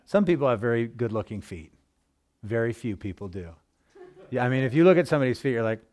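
A man preaching with a mid-range voice, moving between calm scripture reading and lively personal stories. He talks like he is chatting with the congregation and now and then breaks into loud, excited exclaiming. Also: mid-range voice, quick pace. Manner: conversational storytelling with bursts of loud exclaiming. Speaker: pastor. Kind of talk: sermon.

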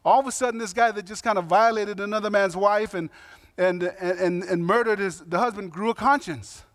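A man's voice: high-pitched, a little fast, a bit bright, no room sound, studio quality. A man preaching a sermon in a conversational, emphatic way, with slangy asides and voiced quotes. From Samoan heritage. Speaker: pastor.

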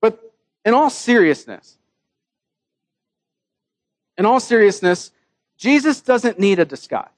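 A man's voice: high-pitched, very animated, slow pace, pauses often, dry recording. A man preaching a sermon in a casual, joking way, with his own scripture readings mixed in. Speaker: pastor.

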